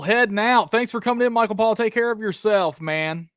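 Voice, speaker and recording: Upbeat male streamer hosting live trivia, chatty and pumped, a bit high-pitched, dry close mic. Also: fairly quick, few pauses, clear, resonant tone, dry recording. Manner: hyped, chatty, calls viewers brother and dude.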